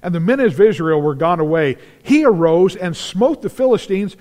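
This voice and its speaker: A man preaching in a big church sanctuary, his fairly high voice swinging up and down as he acts out Bible stories. He bursts into shouts at the climaxes of the action. Long reverb trails behind every phrase. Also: moderate pace. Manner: animated storytelling, acts out scenes, shouts at climaxes. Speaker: pastor. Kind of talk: sermon.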